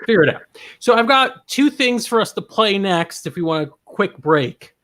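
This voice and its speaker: A man's voice: high-pitched, lively intonation, normal speed, fairly bright tone. Dry, sardonic man co-host. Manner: dry, sardonic, steers the show. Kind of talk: casual comedic chat. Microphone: video call.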